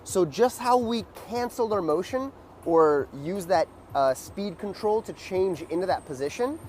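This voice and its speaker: Man teaching a dance, saying "boom". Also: lively intonation, normal speed, a little mellow, slight background noise. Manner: loose, filler-heavy explaining with beat sounds like "boom". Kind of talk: casual dance lesson.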